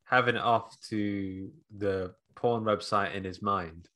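A man co-hosting a podcast, talking in a laid-back, halting way. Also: on the low side, fairly even intonation, sharp tone. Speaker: podcast co-host. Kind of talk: casual comedic chat.

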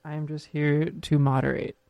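A man's voice: a little high, level tone, moderate pace, creaky, a little mellow, dry recording. A young man co-hosting a podcast who moderates the banter in a mock-official, giggly way. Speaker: podcast co-host acting as moderator. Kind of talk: playful casual banter.

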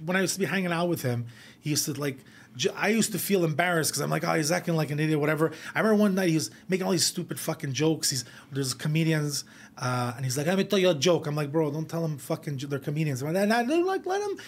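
A man on a podcast telling rowdy family stories in casual chat, swearing and laughing as he goes. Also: a little high. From Montreal. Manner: fast, profane, laughing while telling stories. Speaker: podcast co-host. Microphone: podcast studio mic.

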